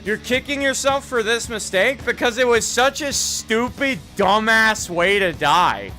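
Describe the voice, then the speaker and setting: Young man, game streamer, swings widely in pitch, unhurried delivery, rambling, swears a lot. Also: animated, sharp tone, soft background music. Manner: rambling, self-critical, swears often. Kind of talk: casual live-stream chat.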